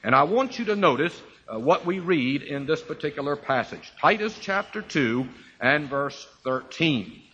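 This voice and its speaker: A man preaching an expository Bible sermon, slowing to stress key phrases and answering his own rhetorical questions. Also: a little high, expressive, a bit bright, highs cut off, a little hiss or hum.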